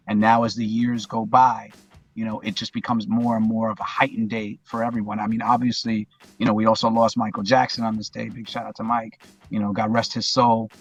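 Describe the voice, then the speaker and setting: Male guest, husky, conversational and heartfelt, loops back on his phrases; faint music bed. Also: lowish voice. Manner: rambling, repeats phrases, heartfelt. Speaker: podcast guest, voice actor. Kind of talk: casual reflective interview talk.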